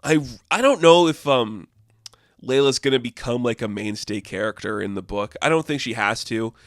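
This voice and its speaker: A man talks through a comic book issue in a loose, rambling way, leaning on "like" and "I guess" as he goes. His voice sits at an ordinary middle pitch. The sound is dry and close, with no room echo. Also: normal speed. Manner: rambling, heavy use of "like" and "I guess". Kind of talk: casual spoken review.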